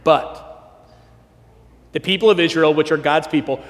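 A man preaching a sermon, animated, acting out quoted lines and dropping to a soft hush for emphasis. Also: a little high, moderate pace. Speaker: pastor. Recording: long hall reverb.

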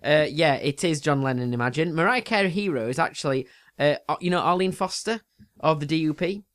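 A man's voice: on the high side, lively intonation, fairly quick, a bit bright, no echo, studio quality. A man co-hosting a casual chat, quizzing his partner with teasing jokes and frequent laughs. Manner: jokey, teasing, laughs often. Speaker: podcast co-host, quizmaster.

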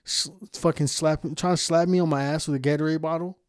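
A man's voice: a little high, fairly even intonation, a little fast, clean tone, no echo, studio quality. Profane, ranting podcast host man. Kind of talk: casual podcast chat.

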